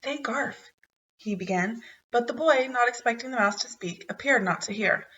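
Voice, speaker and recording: A woman's voice: on the high side, fairly quick, bright, forceful tone, distant mic, highs cut off. A woman reading a children's chapter book aloud, narrating expressively. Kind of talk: storybook read-aloud.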